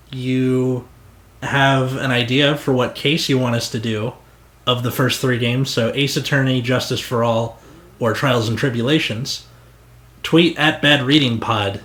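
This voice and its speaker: A man co-hosting a casual gaming chat, easygoing and quick to laugh. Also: mid-range voice, fairly even intonation, a bit bright. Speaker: co-host. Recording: echoey room with music.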